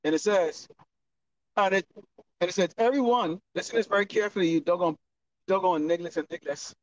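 A man preaching on the street in a loud, profane, scolding manner. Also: high-pitched, steady tone, brisk, no echo. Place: outdoors, windy street corner. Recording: distant lo-fi outdoor recording.

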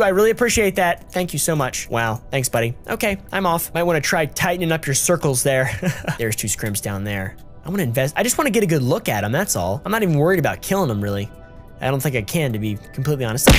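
Excitable swearing woman gaming commentator. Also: sits low, fast talker, soft background music. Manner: excitable, swearing, giggly, jokey. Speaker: gamer and channel host. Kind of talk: casual gameplay commentary.

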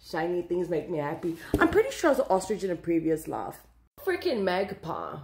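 A woman unboxing gifts on camera, talking excitedly and emotionally to her viewers. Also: on the low side, a little fast, echoey room. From South Africa. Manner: excitable, emotional, exclaiming and laughing. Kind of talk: casual chat to camera.

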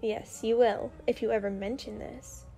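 A woman's voice: on the high side, steady tone, normal speed, mellow, soft background music, natural voice. A woman voicing a sulky, grudging schoolboy. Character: sullen proud teenage schoolboy. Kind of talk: soft ASMR storytelling.

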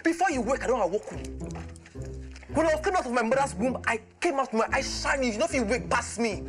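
A man with a Nigerian accent playing a visa officer in a comedy sketch, scolding loudly and slipping into Pidgin. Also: very high voice, expressive, a little fast. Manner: scolding, mixes Pidgin, apologetic then explosive. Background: music.

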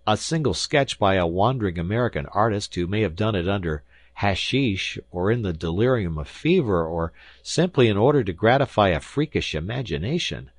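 A man's voice: fairly low pitch, lively intonation, normal speed, few pauses, no echo. A man voicing a skeptical young journalist who argues earnestly and with disbelief. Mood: incredulous. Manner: earnest, incredulous.

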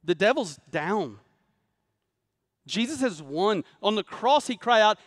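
A man preaching a sermon to a congregation, swinging between loud urgent calls for response and low, quiet emphasis. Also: very animated, slow pace, pauses often, dry recording, clean studio sound. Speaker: pastor. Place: church sanctuary before a congregation.

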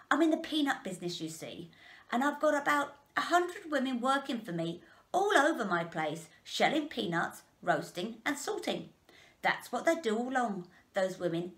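Woman doing a bragging rich father. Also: on the high side. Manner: bragging, lively storytelling. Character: boastful rich father, peanut factory owner.

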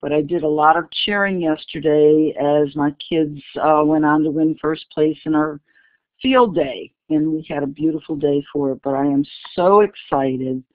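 A hoarse woman from New Orleans with a scratchy voice, reading out guest introductions as a webinar co-host. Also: low voice, dry recording. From New Orleans, Louisiana. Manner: reads a long list of awards. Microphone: online webinar call audio. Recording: tinny phone-like webinar audio, dry.

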